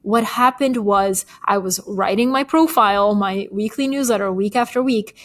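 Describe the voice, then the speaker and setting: A woman's voice: medium pitch, moderate pace. A woman in her thirties from a Bulgarian American background, a guest author chatting casually in an interview and often laughing. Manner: chatty, laughs often, quotes others in animated voices.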